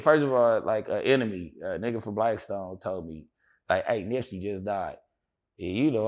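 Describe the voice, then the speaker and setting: A man with a gravelly, rough voice sits for an interview and tells a long story. He rambles, restarts often and acts out the other people's lines as he goes. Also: fairly low pitch. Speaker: interview guest. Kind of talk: casual storytelling.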